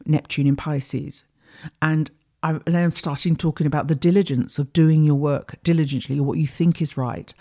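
Deep and mellow, this woman's voice carries a casual spiritual monologue on her astrology talk show. She muses in a rambling, reflective way, frequently starting her sentences over.

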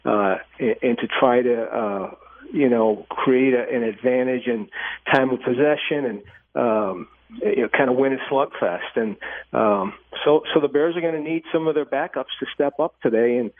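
A man's voice: medium pitch, no room sound. Male sports reporter calling in, thoughtful, heard over a thin phone line. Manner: thoughtful, steady with fillers. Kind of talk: analysis on a radio call-in.

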